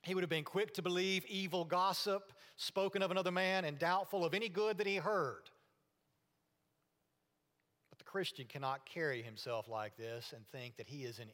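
A man preaching a sermon to his congregation, earnest and now and then dropping to a hushed voice for emphasis. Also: fairly high pitch. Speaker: pastor. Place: church sanctuary. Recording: long reverb of a church hall.

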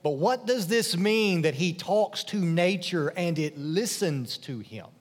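A man preaching a sermon as a pastor, expressive, dropping soft and low for emphasis and rising for questions. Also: a little slow. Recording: long hall reverb.

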